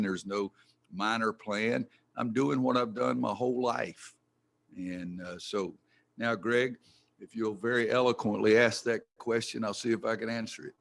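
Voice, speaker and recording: A man's voice: fairly low pitch, creaky, fairly bright tone. An older man, a head basketball coach answering press conference questions in a folksy, blunt way that gets worked up.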